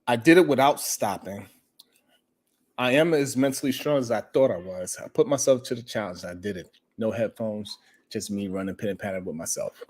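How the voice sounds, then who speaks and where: Male talk-show host, casual storyteller, loud animated bursts, frequent swearing. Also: on the low side.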